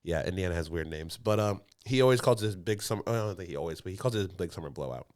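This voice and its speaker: A man's voice: low-pitched, expressive, racing, a little mellow, clean tone. A man, co-hosting a podcast and telling a rambling story with frequent laughs. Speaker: podcast co-host. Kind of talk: casual chat. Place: podcast studio.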